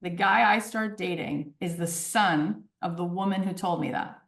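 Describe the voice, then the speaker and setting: A woman in her forties, a podcast guest telling stories in an animated conversational way, often checking in with "right?" and "okay?". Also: on the low side, moderate pace, far from the mic. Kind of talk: storytelling in conversation. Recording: roomy echo.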